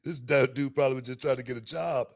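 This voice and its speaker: A middle-aged man co-hosting a podcast, telling stories in a loud, animated way with lots of slang and laughter. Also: mid-range voice, fast, gravelly. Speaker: podcast co-host. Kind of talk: casual storytelling chat.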